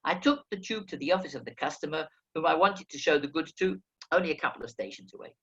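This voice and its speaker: A man narrating a first-person memoir as an audiobook reader, telling the story in a lively way. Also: on the high side, fast, lo-fi sound. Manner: lively storytelling, acting out quoted speech.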